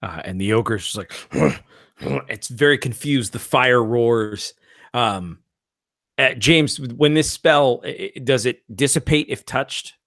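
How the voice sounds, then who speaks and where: A man's voice: medium pitch, takes it slowly, fairly bright tone, no room sound. Male game master narrating with easy laughs, recorded dry. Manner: casual, laughing narration with fillers.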